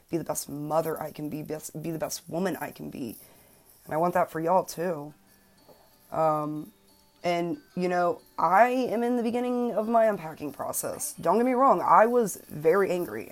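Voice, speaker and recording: A woman in her late twenties talks straight to her listeners in a personal self-help podcast, with a low-pitched voice. She is earnest and emphatic and swears without hesitation. Faint music plays quietly behind her. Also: normal speed. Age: 20s. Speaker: podcast host.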